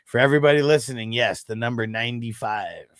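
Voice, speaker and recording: A man's voice: mid-range voice, fast talker, fairly bright tone, no room sound, studio quality. A man in his thirties hosting a fantasy football livestream, chatting casually with viewers in a laid-back, slangy way, with frequent swearing and laughter.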